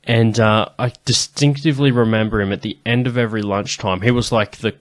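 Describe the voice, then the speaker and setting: A man's voice: on the low side, steady tone, fairly quick, no room sound. A young man hosting a comedy podcast, telling school stories in a loose, casual way with plenty of swearing. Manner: swearing, loose, laid-back storytelling. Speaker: podcast host. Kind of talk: casual chat.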